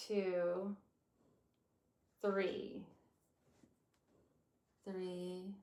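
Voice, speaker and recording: A woman in her fifties chatting casually as she plans her day out loud, rambling and swearing now and then. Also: mid-range voice, normal speed, reverberant. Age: 50s. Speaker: vlogger. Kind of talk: casual day-planning chat.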